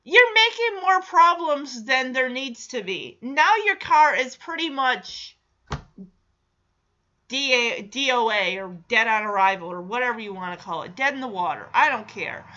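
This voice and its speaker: A woman's voice: high voice, animated, measured pace, sharp tone, highs cut off. A woman recapping a TV episode with sarcastic, exasperated commentary.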